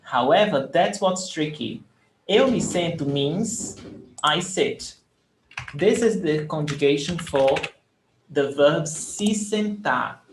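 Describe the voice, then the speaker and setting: This Portuguese teacher takes his time, his slightly high voice carrying lively intonation as he covers verbs in a live online lesson. He repeats examples and explains with patience, in an echoey room with faint noise behind him.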